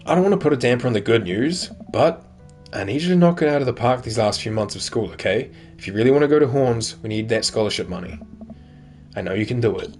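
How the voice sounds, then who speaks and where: A man's voice: medium pitch, expressive, fast talker, a little mellow, faint music behind, close to an everyday voice. A man reading a goofy, sentimental dad. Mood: fond. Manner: fond, jokey.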